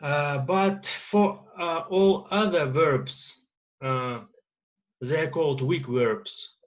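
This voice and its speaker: A man with a Russian accent teaching an English grammar lesson, pausing often with "uh" fillers. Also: on the high side, muffled recording. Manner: lecturing with many uh fillers and pauses.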